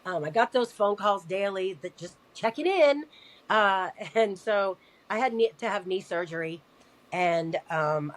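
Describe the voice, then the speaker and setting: Animated woman telling a family story. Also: low-pitched. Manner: animated, acts out quoted dialogue. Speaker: podcast guest. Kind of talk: personal storytelling in conversation.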